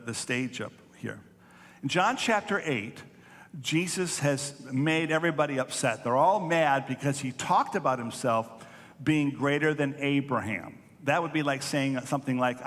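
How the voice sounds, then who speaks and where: A man's voice: medium pitch, a bit bright. Earnest male pastor preaching in a hall. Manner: earnest preaching, repeats phrases for emphasis, rises on quoted lines. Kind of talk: sermon. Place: church sanctuary. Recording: echoey church hall.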